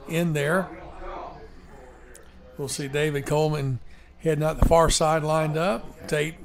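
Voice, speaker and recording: A man calling a high school football game play by play in a folksy, emotional way, breaking into excitement on big plays. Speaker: play-by-play commentator. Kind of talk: live local sports commentary. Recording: crowd noise behind.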